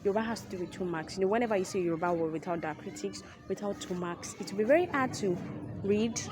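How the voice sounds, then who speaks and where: A woman explaining Yoruba tone marks in a casual lesson, animated and repetitive, with Yoruba asides. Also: medium pitch, heavy background noise. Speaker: language teacher.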